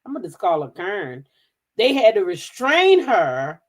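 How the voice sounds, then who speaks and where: A woman's voice: mid-range voice, wildly swooping pitch, a little slow. Sassy woman commentating on a clip. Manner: sassy, emphatic, repeats herself. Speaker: host. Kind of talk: casual commentary on a video.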